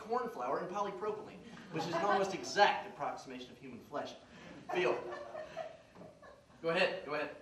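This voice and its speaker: A man playing a smooth, pushy salesman in a live comedy sketch, with fast sales patter. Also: sits high. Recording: roomy stage sound from far off with hiss.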